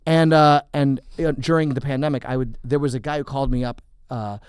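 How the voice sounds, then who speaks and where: A man, a comedian guest, telling animated stories in a casual studio podcast chat. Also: mid-range voice, a little fast, clear, resonant tone, dry recording.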